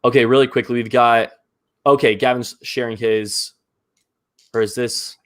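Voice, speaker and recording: A man hosting a live movie ranking show in casual chat, enthusiastic and quick to laugh, with lots of fillers. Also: mid-range voice, steady tone, a bit bright.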